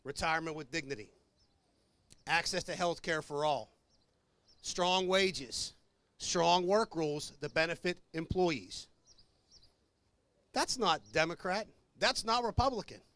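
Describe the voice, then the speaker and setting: A man's voice: on the high side, unhurried, pauses often, a bit bright, dry recording. A man speaking for labor at an outdoor rally, ad-libbing an earnest speech to the crowd. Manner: earnest, addresses crowd as brothers and sisters. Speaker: labor leader.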